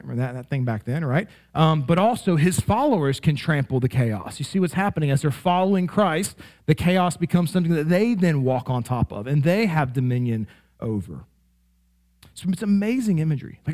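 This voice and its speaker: A man preaching a sermon as pastor, conversational and animated, with frequent "right?" asides that check in with the congregation. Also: on the high side. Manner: animated, rising sharply in playful examples.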